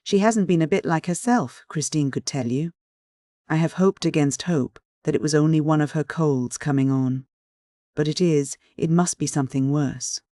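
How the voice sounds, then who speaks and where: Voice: medium pitch, moderate pace, warm tone, no echo, clean studio sound, close to an everyday voice. A reader voicing an anxious, tearful middle-aged mother in an audiobook, plaintive in tone. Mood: distressed. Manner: plaintive, sobbing.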